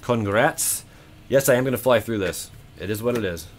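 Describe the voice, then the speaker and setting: A man hosting his own channel, opening card packs with excited, casual commentary, counting aloud and swearing freely. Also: on the low side, normal speed, slight background noise. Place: home room.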